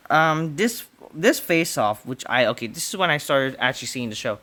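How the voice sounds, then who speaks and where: Bright-voiced man ranting profanely. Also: mid-range voice, lively intonation, moderate pace. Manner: profane, exasperated, heavy with fillers. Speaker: wrestling show reviewer. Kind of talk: casual ranting review.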